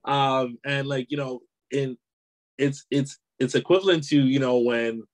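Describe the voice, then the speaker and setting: A man's voice: mid-range voice, fairly even intonation, a little slow, rough recording. A man being interviewed as an author and entrepreneur, talking casually in a loose, rambling way full of "you know" and easy laughter. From Canada. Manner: easygoing, rambling, many "you know" fillers, laughs easily.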